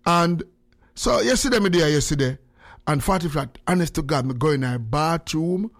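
Lively older Jamaican radio man. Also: a little high, normal speed. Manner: animated, laughing, patois-heavy storytelling. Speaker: radio host. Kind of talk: casual radio chat with callers.

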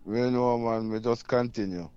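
A man's voice: mid-range voice, fairly even intonation, normal speed, warm tone, clear, resonant tone, dry recording, lo-fi sound. A man, a radio show guest who laughs a lot and gives short replies. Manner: laughing, brief agreeing replies. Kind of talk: casual chat.

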